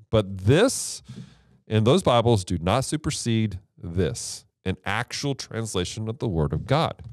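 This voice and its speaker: A man's voice: fairly low pitch, darkish tone, dry recording, clean studio sound. A man hosting a Bible teaching show, explaining translations in a casual, emphatic way with rhetorical questions.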